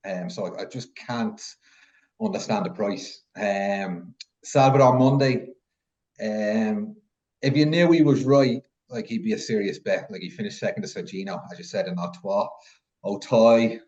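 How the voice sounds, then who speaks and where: A man weighing up horses in relaxed podcast chat. His voice is fairly low and comes through slightly dull and muffled. He hesitates often and fills the gaps with ums. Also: a little slow. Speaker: podcast panelist, French racing pundit. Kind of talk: casual betting chat.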